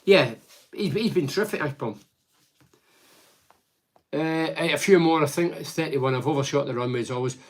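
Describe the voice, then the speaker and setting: A man's voice: fairly high pitch, normal speed, pauses often. Chatty older Scottish man, rambling football talk. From Scotland. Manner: animated, chatty, rambling with asides. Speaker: football pundit reading fan messages. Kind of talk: casual solo football commentary.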